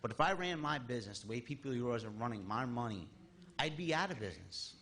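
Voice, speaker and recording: A man's voice: mid-range voice, animated, fast talker, a bit bright. Exasperated man in his thirties. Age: 30s. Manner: rambling, exasperated, with restarts and rising emphasis. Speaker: resident speaking at public comment. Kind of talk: public comment at a town meeting. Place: town board meeting room.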